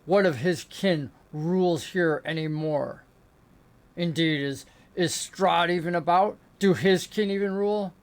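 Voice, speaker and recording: A man's voice: high voice, a little slow. A man voicing a scornful old male wizard with a walking stick, scoffing and dismissive.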